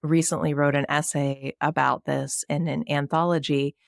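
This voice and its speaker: A woman from New Jersey, a writer, chatting casually as a podcast guest in a relaxed, talky way. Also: sits low, normal speed, vocal fry, no echo, studio quality. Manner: chatty, relaxed, many "you know"s.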